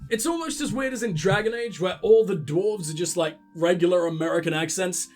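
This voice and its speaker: A man's voice: high-pitched, brisk, few pauses, faint music behind. A man hosting a let's play, rambling and sarcastic as he comments on the game and swears freely. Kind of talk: casual gaming commentary.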